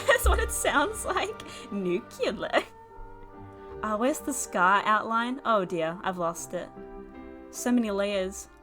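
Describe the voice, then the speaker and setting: Giggly young woman streamer, lively pitch. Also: slow pace, soft background music. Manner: chatty, giggly, talks to chat. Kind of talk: casual chat while drawing on stream.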